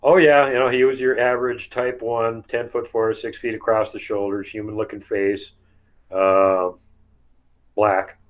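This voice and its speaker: A man with a somewhat low voice tells his camping stories in a relaxed, chatty way. He laughs easily and slips into acting out what people said. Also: measured pace, rough recording. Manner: chatty, laughs often, acts out quotes. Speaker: guest telling field encounters. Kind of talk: casual storytelling interview.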